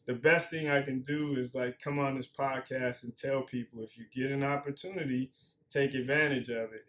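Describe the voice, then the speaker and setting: A man in his forties, a former pro football player, talking earnestly and plainly as a guest, repeating himself for emphasis. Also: medium pitch. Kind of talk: reflective interview talk.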